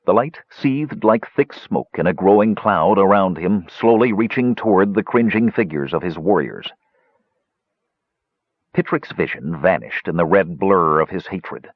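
A man narrating a fantasy audiobook in an expressive storytelling manner. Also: sits low, unhurried, slightly rough, no echo, dull audio.

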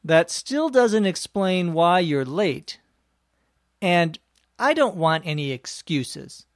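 A man's voice: sits high, sing-song, slow pace, no room sound, studio quality, full character voice. A man playing a strict father in a scripted dialogue, scolding his teenage daughter in a stern voice.

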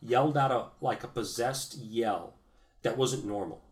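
A man in his late thirties co-hosting a podcast in casual chat, adding quick agreements and laughs. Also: mid-range voice. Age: late 30s. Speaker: podcast co-host.

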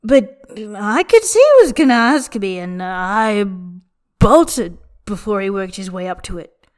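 A woman's voice: medium pitch, very animated, unhurried, clear, resonant tone. A woman voicing a young male snake spirit, drunk, wry and self-pitying. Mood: drunken rant.

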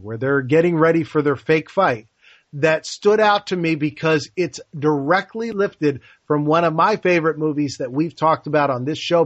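A man's voice: a little high, no room sound. A man co-hosting a podcast in casual film discussion, enthusiastically retelling movie scenes. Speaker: podcast co-host. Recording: dull lo-fi dry sound.

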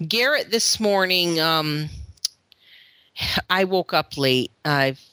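A woman's voice: sits low, expressive, slow pace, bright, forceful tone, smooth, no room sound. A woman in her thirties, a mother, chatting casually on a podcast and often laughing as she tells stories about her kids. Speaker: podcast host; mother of children in therapy. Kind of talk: casual chat.

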